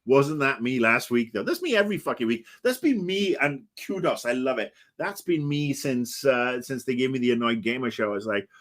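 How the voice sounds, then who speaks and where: This British livestream host, a man in his fifties, talks at normal speed with hardly any pauses in an animated, fairly bright mid-range voice. His casual chat is rambling, grumpy, and profane, full of fillers.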